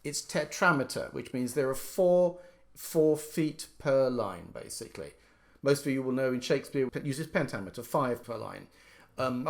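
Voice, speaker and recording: Man lecturing by voicing stresses aloud. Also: on the high side. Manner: explains by demonstrating stresses aloud. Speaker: lecturer and violinist. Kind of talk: informal lecture.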